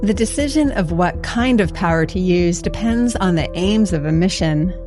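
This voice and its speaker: A woman host giving measured, scripted narration for a science podcast. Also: fairly low pitch, animated. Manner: measured, explanatory. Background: music bed.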